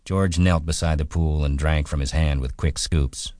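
A man reading a novel aloud as an audiobook narrator, calm and measured, on a close studio mic. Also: a bass voice, no echo. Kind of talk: scripted narration.

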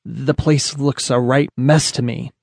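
A rough-spoken henchman asks his questions in a pitched-up, hurried voice, as a male narrator puts him on. The audiobook recording is dry and close. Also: steady tone, darkish tone, dry recording. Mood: doubtful.

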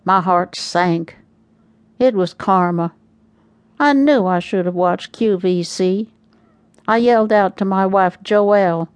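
A woman tells a first-person story in an expressive, wry manner. Her voice sits in a middle pitch. It is recorded dry and close on a studio mic. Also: slow, long pauses, smooth, no echo. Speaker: audiobook narrator. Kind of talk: first-person audiobook narration.

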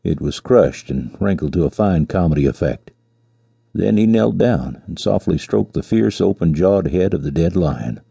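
A man narrating a classic short story as an audiobook, in a measured storytelling manner. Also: sits low, expressive, gravelly, dark tone, slightly rough, no echo. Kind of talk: scripted narration.

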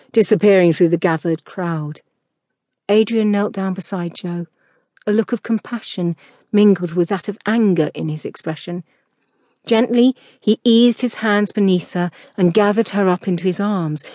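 A woman narrating a historical romance audiobook in a measured, expressive reading. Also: on the low side, dry recording, studio quality.

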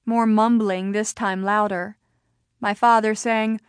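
A woman narrating a novel in the first person, with an even storytelling delivery. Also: medium pitch, slow pace, clean tone, dry recording, clean studio sound. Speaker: audiobook narrator.

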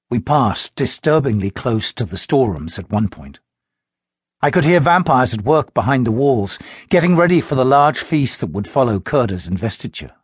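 A male audiobook narrator with a husky, slightly breathy voice. His pitch rises and falls a lot as he tells a tense story in the first person, recorded dry and close in a studio. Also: no room sound.

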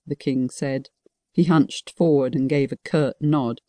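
Woman reading a fantasy audiobook, calm measured narration, dry studio sound. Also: rumbling low, no echo.

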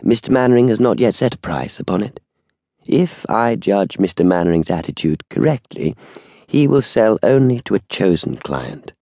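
A man's voice: on the low side, lively intonation, normal speed, dark tone, no echo. A man voicing a courteous, deferential old shop assistant who speaks formally and politely. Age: older.

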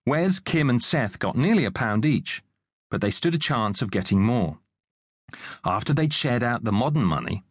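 A man narrating an unabridged audiobook in a measured, expressive reading. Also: mid-range voice, no room sound, studio quality.

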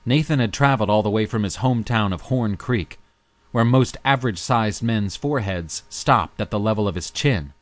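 Low-voiced male audiobook narrator. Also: dry recording. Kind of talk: scripted narration.

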